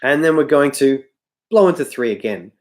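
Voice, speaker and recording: A man's voice: medium pitch, animated, normal speed, music in the background. A man teaching harmonica on a livestream, tired and losing his voice, rambling and correcting himself often, with harmonica playing behind him. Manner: rambling, self-correcting, apologetic. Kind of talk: livestream music tutorial.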